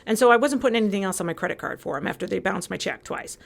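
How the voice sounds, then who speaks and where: A woman's voice: medium pitch, animated, racing, gravelly. A woman from California, a podcast guest, telling a story animatedly and acting out both sides of each exchange. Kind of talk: casual chat.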